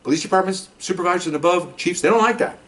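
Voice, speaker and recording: An older man, a retired police officer, telling a story in a casual, animated way and acting out the people he quotes. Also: high voice, quick pace. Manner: animated, acts out quoted voices.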